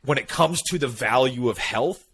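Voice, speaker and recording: A man co-hosting a casual podcast conversation. His voice is bright and forceful, and he tells his stories with energy, often acting out what people said. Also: mid-range voice, normal speed, husky. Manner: animated storytelling, quotes himself and others. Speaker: podcast co-host.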